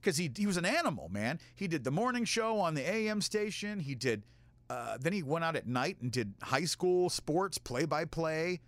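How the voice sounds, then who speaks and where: A radio host telling a profane, self-mocking comic story in a casual way. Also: male voice, on the high side, very animated, moderate pace, fairly bright tone, no room sound.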